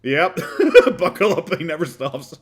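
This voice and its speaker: A man's voice: fairly high pitch, animated, measured pace. A man with an Irish accent giving casual, mocking commentary while watching a podcast, often laughing and rambling.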